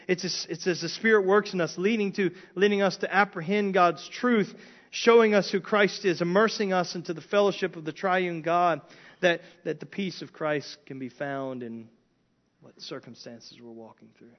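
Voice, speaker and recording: A man preaching an expository sermon, earnest, with frequent restarts and rising emphasis on key points. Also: on the high side. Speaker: pastor. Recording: dull lo-fi sound.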